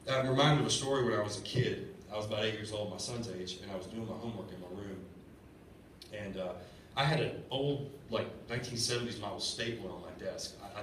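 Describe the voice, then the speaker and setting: A man's voice: on the low side, fairly bright tone. Earnest man preaching in an echoey church. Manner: earnest and conversational, stammers and repeats words. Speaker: lay preacher. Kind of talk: sermon. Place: church sanctuary. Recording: echoey church room from far off, faint hiss. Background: congregation responding.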